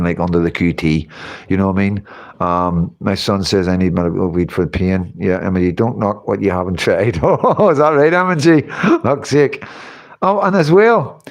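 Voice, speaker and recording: A man, hosting a casual livestream, rambling and chatting as he reads out comments, often breaking into laughter. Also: lowish voice. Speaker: livestream host reading chat.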